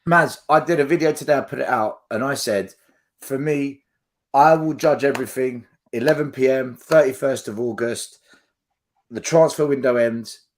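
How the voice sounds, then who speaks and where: A man's voice: medium pitch, moderate pace. Blunt, emphatic podcast host man. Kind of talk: casual podcast chat.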